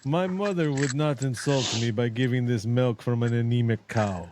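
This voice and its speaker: A man's voice: medium pitch, normal speed, very noisy, voice pushed down, natural voice. A man putting on a snooty undead boy. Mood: haughty. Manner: formal, haughty and demanding. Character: snooty undead little boy, bossy, like a mob boss.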